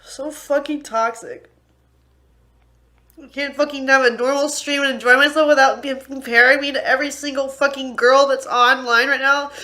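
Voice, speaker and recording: A woman's voice: high-pitched, fairly even intonation, moderate pace, pushed and bright. Furious young woman ranting on a livestream. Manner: angry, profane, venting. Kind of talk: unscripted livestream rant.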